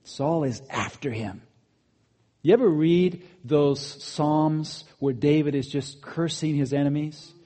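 A man preaching a sermon, animated, rising to emphatic peaks and dropping to quiet asides. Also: on the high side, takes it slowly. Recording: long hall reverb.

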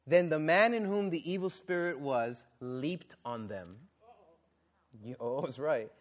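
A man preaching a sermon and reading scripture, exclaiming and questioning the congregation, then dropping to a low, earnest tone for serious points. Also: unhurried. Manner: animated, exclaiming and asking the audience questions.

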